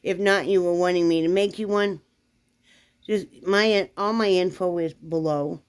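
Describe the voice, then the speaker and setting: A middle-aged woman with a low, deep voice chats casually to her viewers. She rambles in a homey, friendly way and drifts between topics. Now and then she breaks off to coo at her dog. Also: fairly even intonation, measured pace, smooth. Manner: rambling, chatty, talks baby-talk to her dog. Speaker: vlogger. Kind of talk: casual chat to camera.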